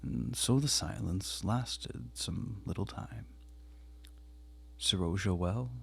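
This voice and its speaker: Male audiobook narrator; husky, low, measured classic-novel reading. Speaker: audiobook reader.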